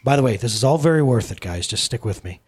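A man preaching animatedly, pausing a book reading to address his listeners directly. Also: mid-range voice, animated, breathy edge.

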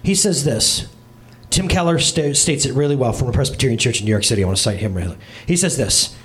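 A man's voice: medium pitch, animated, quick pace. A man preaching a casual, joking sermon as a pastor, chatting with his congregation by name and with viewers online. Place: church service with congregation and livestream.

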